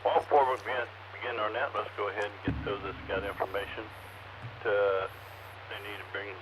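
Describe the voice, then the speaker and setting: A man's voice: fairly low pitch, brisk, a crowd in the background. A man acting as net control, reading the net opening and calling check-ins over a two-way radio, with fillers like "uh". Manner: steady, hesitant with fillers. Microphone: heard over a two-way radio. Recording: muffled radio audio with static.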